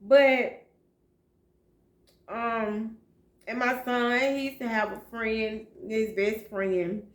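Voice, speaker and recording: A woman's voice: on the high side, fairly even intonation, roomy sound. A woman telling her own life story as a single mother, speaking in a heartfelt, emotional way with speech. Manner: heartfelt, emotional, slow and plain-spoken. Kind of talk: personal storytelling vlog.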